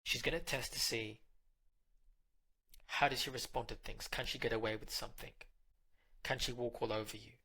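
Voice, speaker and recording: A man's voice: mid-range voice, steady tone, moderate pace, long pauses, sharp tone, slightly rough. A man hosting a dating advice channel, talking straight to the listener in a direct, coaching monologue and now and then acting out little scenes.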